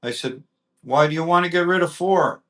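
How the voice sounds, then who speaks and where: A man in a casual chat, telling stories in a rambling way with halting restarts. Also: on the high side, fairly bright tone.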